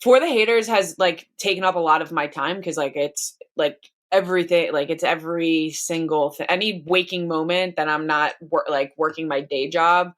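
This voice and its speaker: A woman's voice: low voice, moderate pace, hardly any pauses. A pregnant woman co-hosting a podcast, talking in a casual, rambling way with many restarts and fillers. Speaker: podcast co-host. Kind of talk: casual chat.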